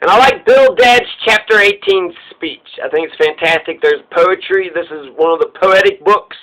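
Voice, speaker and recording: High-voiced, profane, irreverent man. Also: normal speed, bright, forceful tone, rough recording. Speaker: podcast host. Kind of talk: casual commentary.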